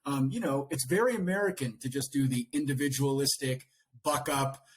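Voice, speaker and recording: A man who is a coach, a podcast guest, speaking earnestly and reflectively in casual conversation, often animated. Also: mid-range voice, brisk, slight background noise.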